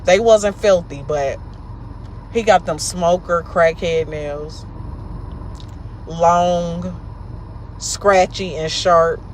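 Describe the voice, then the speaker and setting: A woman vlog host telling the story of a bad date in a blunt, profane, animated way, recorded inside a car. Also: on the low side, extremely slow, long pauses, slight background noise.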